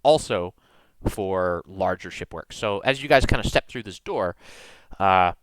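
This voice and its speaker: A man's voice: low voice, expressive, measured pace, dry recording, rough recording. A man narrating a tabletop game as game master in a casual way, with many fillers.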